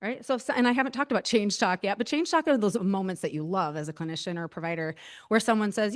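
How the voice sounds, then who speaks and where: A woman's voice: mid-range voice, expressive, fast. A woman presenter giving a casual training talk, chatty, with frequent fillers and self-deprecating asides. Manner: chatty, many fillers, laughs at herself.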